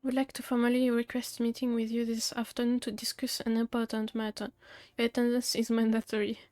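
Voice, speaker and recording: Flat-toned woman streamer reading dialogue. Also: a little high, a little fast, dry recording, clean studio sound. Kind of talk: reading game dialogue aloud.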